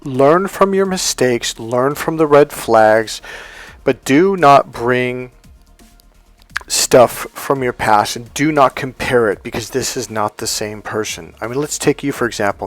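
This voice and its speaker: A man's voice: medium pitch, no room sound. Blunt, emphatic male relationship coach. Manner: blunt and emphatic, acts out quoted voices. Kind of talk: motivational advice monologue.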